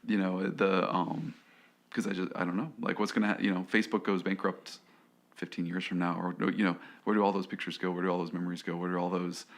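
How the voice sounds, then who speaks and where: Low-voiced man rambling casually. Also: flat delivery, quick pace. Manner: rambling, lots of "you know" and restarts. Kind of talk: casual chat.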